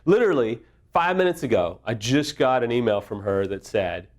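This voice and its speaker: A middle-aged man speaking on affair recovery gives a candid, casual teaching talk that mixes humor with open vulnerability and self-deprecation. His medium-pitched voice has lively intonation, a moderate pace, and few pauses.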